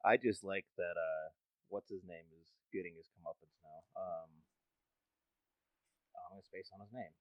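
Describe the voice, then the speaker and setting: A man's voice: deep voice, normal speed, long pauses, dry recording, dull audio. A man co-hosting a casual podcast over a video call, talking in a wry, easygoing way with some swearing. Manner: laid-back, wry and swearing. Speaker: podcast co-host.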